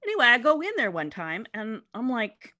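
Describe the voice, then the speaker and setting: A middle-aged woman telling a story in casual chat, animated and laughing, acting out voices from her anecdotes, on a close mic. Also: on the high side, fairly quick, no echo. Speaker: podcast guest.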